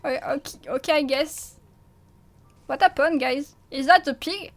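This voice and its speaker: A woman with a French accent and a high voice streams live gameplay commentary at normal speed. She's jumpy and stammering, laughing and swearing often.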